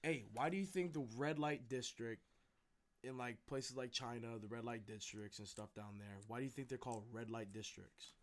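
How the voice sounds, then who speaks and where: A man's voice: medium pitch, moderate pace. A young man chatting casually as a podcast co-host, rambling and swearing freely. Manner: rambling, profane, laid-back. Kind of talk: casual chat.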